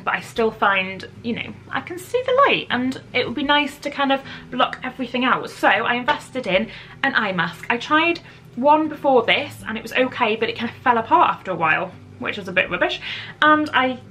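A beauty vlogger sits at home chatting casually to camera about her favourite products, giggling often and making fun of herself. Her voice is on the high side, pushed and bright, with a little hiss or hum in the audio.

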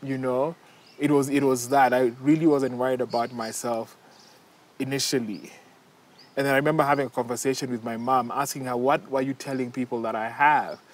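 A man in his forties from Kenya, a guest in an interview, speaking softly and haltingly with many restarts as he recounts a hard time. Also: mid-range voice, fairly even intonation. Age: 40s. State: tearful. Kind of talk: emotional personal interview.

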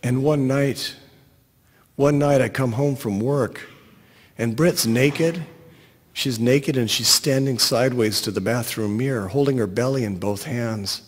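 A man reads a short story aloud at an unhurried pace, his delivery wry and deadpan. His voice sits at an ordinary middle pitch. A long reverb hangs on the recording. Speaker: narrator.

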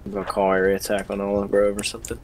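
A man acting as squad leader in a game, giving brisk, flat callouts over voice chat. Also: fairly low pitch, noisy background.

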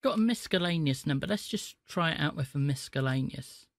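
A man's voice: on the high side, expressive, brisk, vocal fry, dry recording. A man live-streaming, chatting to viewers and prank-calling scammers. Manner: chatty, talks to chat between calls.

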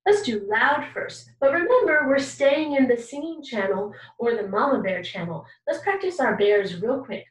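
A woman's voice: fairly high pitch, animated, moderate pace, hardly any pauses, roomy sound, recorded from a distance, poor audio. A woman teaching a kindergarten music lesson, patient and encouraging, asking children questions and singing examples. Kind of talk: recorded online music lesson for young children.

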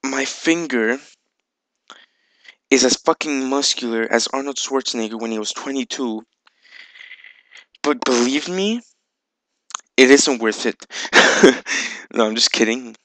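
A man chats loosely over his game footage, full of ums and easy swearing. His voice has a gravelly edge but stays smooth and clear. It sounds close and dry, with no room around it. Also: medium pitch, a little slow, long pauses, sharp tone, dry recording, poor audio. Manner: rambling, filler-heavy, swears casually. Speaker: video game channel host. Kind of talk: casual gameplay vlog chat.

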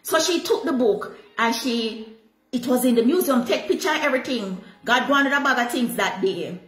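A Jamaican woman preaches with animated energy, slipping freely into patois. Her high, bright voice rings out in an echoey room. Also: moderate pace. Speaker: pastor. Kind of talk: sermon.

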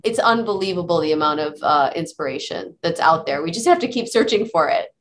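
A woman's voice: fairly low pitch, animated, brisk, a little hiss or hum. A middle-aged woman, a psychologist guest on an interview podcast, talking earnestly and telling stories with many fillers and restarts. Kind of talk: conversational interview answers.

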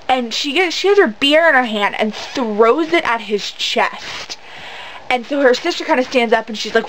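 High-voiced woman ranting. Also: expressive, moderate pace, a little hiss or hum, rough recording. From United States. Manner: rambling and full of fillers, indignant. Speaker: vlogger. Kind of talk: casual storytelling rant to camera.

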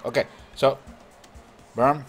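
A man hosting a gaming channel, chatting excitedly and laughing as he comments on a mobile cooking game. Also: medium pitch, slow. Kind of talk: casual gameplay commentary. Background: game music.

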